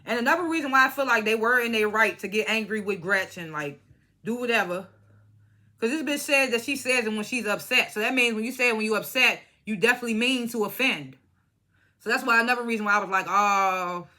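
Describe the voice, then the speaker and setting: A woman's voice: on the high side, fairly quick, bright, forceful tone. A young woman giving a blunt, profane, opinionated recap of a reality show episode, often imitating the cast members. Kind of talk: casual reality show review.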